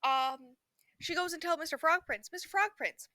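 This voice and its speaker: A young woman casually reviewing a book she just read, rambling with lots of fillers and laughing now and then as she acts out quick lines. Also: very high voice, bright, forceful tone, dry recording. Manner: rambling, filler-heavy, laughs often, breaks into quick acted quotes. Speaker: book vlogger.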